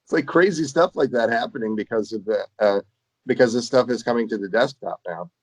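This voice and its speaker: A man's voice: mid-range voice, a little fast, a little mellow, no echo, poor audio. A man co-hosting a casual talk show, musing thoughtfully with lots of fillers. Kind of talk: casual chat.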